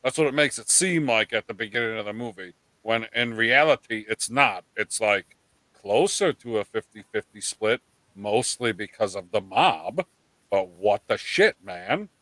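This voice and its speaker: A man's voice: lowish voice, lively intonation, unhurried, fairly bright tone, no room sound, rough recording. A man hosting a live pop culture stream, ranting in casual chat with swearing and mock quotes.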